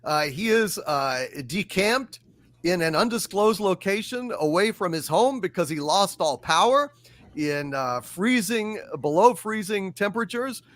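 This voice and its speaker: A man's voice: high voice, lively intonation, measured pace, fairly bright tone, no echo. A man hosting a live pop culture panel show, delivering wry, sarcastic commentary. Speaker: host.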